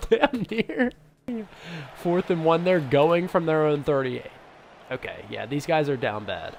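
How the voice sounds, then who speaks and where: A young man giving casual, excitable commentary over a football video game, swinging between hype and grumbling. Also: fairly high pitch, takes it slowly, vocal fry. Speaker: gaming YouTuber. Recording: noisy background.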